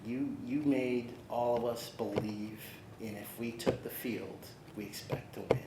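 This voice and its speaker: At a podium, a middle-aged man with a medium-pitched voice gives an emotional press conference speech as the new athletics director. He's earnest but halting, stumbling over fillers and restarts, while his words echo through a large conference hall over a steady, loud background noise.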